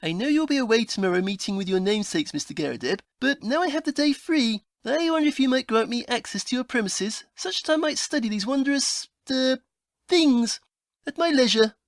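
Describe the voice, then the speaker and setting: A woman's voice: fairly high pitch, animated, fairly quick, no room sound, studio quality. A woman voicing a prim, haughty male detective in a comedy audio play, with a formal, fussy, scolding manner.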